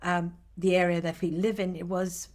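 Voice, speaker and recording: A middle-aged woman, a mother living in Australia, telling stories in animated casual chat as a podcast co-host. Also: fairly low pitch, normal speed.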